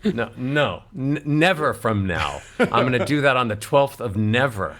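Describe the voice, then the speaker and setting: Man, vocal coach, encouraging, upbeat, animated pitch, mid-range voice. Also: a little slow. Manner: sings scales up into a very high head voice. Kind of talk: guest coaching on a radio show, singing warm-up scales.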